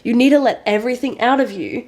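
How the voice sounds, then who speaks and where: A woman's voice: fairly high pitch, fast talker, darkish tone. A young woman co-hosting a podcast, telling personal stories in an earnest, emotional way and swearing freely. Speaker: podcast co-host. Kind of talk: casual chat, storytelling.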